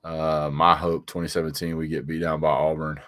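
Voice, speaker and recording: A very low-voiced man banters through a live stream, reading out viewer comments and firing back. He stammers and repeats words now and then, and his voice sounds close and dry with no room around it. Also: level tone, a little fast, a bit bright, dry recording. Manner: reads viewer comments aloud and answers them; frequent chuckles and "sir" rebuttals. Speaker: sports vlogger reading live chat.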